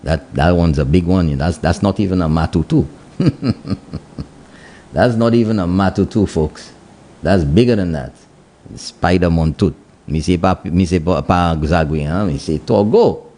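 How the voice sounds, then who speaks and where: A man's voice: low-pitched, normal speed, dark tone. A man with a Saint Lucian accent hosting a morning radio call-in show. He talks in a playful, teasing way and mixes English with Kwéyòl. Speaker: radio talk show host.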